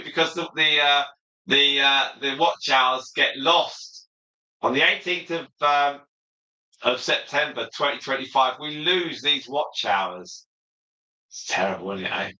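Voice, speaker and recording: A man's voice: medium pitch, sharp tone, reverberant, rough recording. A man hosting a casual livestream, chatting freely as he reads out viewer comments and replies to them. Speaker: livestream host.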